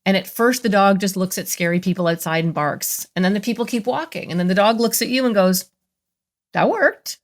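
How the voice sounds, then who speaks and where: A woman therapist, a guest on a podcast, explaining ideas in an animated way and acting out inner voices with playful jumps in pitch. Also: quick pace, hardly any pauses. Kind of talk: conversational podcast interview.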